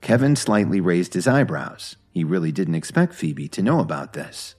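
A man reading a story aloud in scripted narration, steady and even. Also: deep voice, moderate pace, few pauses, slightly rough, faint music behind.

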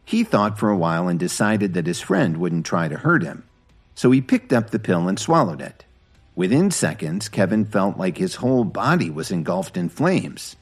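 A man reading a story aloud in scripted narration, steady and even. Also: sits low, normal speed, husky, soft background music.

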